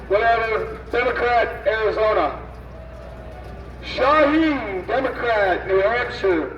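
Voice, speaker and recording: A man speaking at a rally, slowly reading out a roll call and stumbling over names, in an outdoor speech. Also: sits high, animated, a bit bright, slight background noise. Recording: distant, echoey, dull lo-fi sound with faint ambience.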